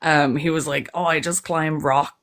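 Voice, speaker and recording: A woman's voice: sits low, fairly even intonation, moderate pace, fairly bright tone. A young adult woman from Ireland with an Irish accent, chatting as a panel guest and telling stories with frequent laughter. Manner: chatty storyteller, laughs often. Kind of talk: casual chat on a call.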